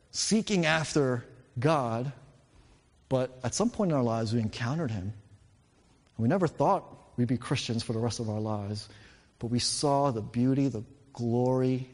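A man's voice: mid-range voice, a little mellow. Earnest man preaching in a reverberant hall. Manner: earnest storytelling, emphatic. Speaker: pastor. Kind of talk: sermon. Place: church.

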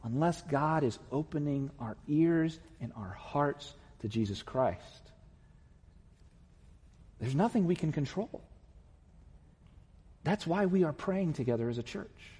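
A male pastor giving an impassioned sermon, building to loud, emphatic peaks. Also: a little high, lively intonation, measured pace, pauses often, slightly rough, in a large hall. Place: church sanctuary.

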